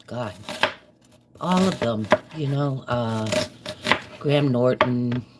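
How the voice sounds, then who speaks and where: A middle-aged cooking vlogger streams live from her home kitchen, speaking slowly in an extremely low-pitched voice. She keeps up a rambling, friendly, casual chat with her audience. The recording carries kitchen noise, mainly chopping and clicks.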